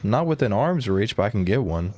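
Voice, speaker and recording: A man chatting casually, telling a quick story with swearing and laughter. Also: fairly low pitch, very animated, a little mellow. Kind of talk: casual chat.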